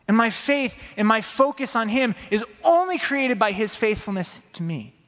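A man's voice: high voice, big pitch swings, normal speed, a bit bright. A man preaching a sermon in an earnest, conversational way, sometimes acting out a pleading voice. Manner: earnest, voices Peter's inner plea in a raised pleading tone. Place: church. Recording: long hall reverb.

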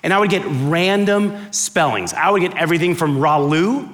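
A man in his thirties or forties from the United States, telling funny stories in a chatty, animated talk to a live, clapping audience. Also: a little high, moderate pace. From United States (Miami). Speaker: speaker giving a talk.

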